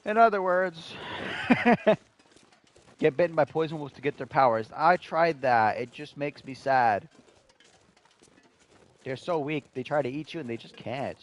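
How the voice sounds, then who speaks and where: A man's voice: a little high, unhurried, long pauses. A man in his twenties giving joking live commentary while playing a survival game, talking to his chat. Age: 20s. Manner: animated, joking, talks to chat. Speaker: streamer.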